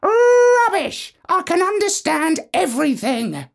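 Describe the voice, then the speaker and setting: A shrill squawking parrot. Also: male voice, sing-song, slow, creaky, full character voice. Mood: outraged. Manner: shrill, screeching outbursts. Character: indignant squawking male parrot officer.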